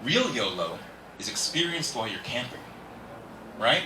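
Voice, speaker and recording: A man's voice: mid-range voice, sing-song, moderate pace. A man doing a rambling, self-deprecating stand-up comedy set on a club stage. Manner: rambling, self-deprecating, chatty asides to the crowd. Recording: echoey room, from far off, faint noise.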